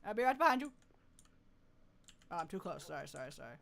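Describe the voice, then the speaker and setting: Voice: mid-range voice, very animated, fast talker, vocal fry, fairly bright tone, a little hiss or hum. A streamer giving live gameplay commentary, playfully talking with mock deference and often laughing.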